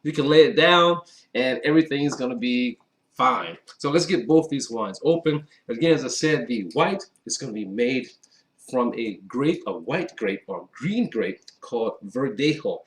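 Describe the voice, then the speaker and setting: A man's voice: medium pitch, animated, normal speed. A man from Wisconsin hosting a casual wine tasting vlog, chatty and upbeat, talking straight to his viewers. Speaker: wine reviewer. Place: indoors at a table with a white background.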